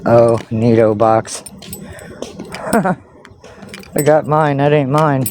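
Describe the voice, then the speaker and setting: A woman's voice: extremely low pitch, drawn-out words. A woman talking to herself as she walks outdoors, swearing under her breath and cooing at cats in a sing-song voice. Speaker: vlogger. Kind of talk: casual self-narration while out walking. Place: outdoors in a neighborhood street. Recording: outdoor recording with clear background noise.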